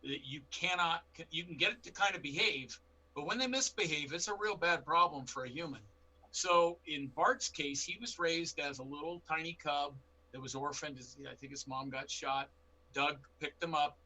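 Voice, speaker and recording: A middle-aged man, a bear expert guest on a panel, telling animated stories with acted-out quotes. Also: a little high, moderate pace, poor audio. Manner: animated anecdotes with quoted dialogue. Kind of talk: storytelling in a panel interview.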